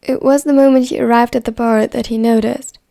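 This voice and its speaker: Gravelly-voiced woman reading a story. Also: on the high side, fairly even intonation, fairly quick, mellow. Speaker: story narrator. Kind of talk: scripted narration of a fan story.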